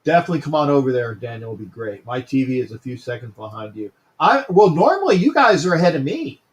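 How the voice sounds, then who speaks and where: A man hosting a casual sports talk livestream, greeting viewers by name and often repeating himself. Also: fairly high pitch.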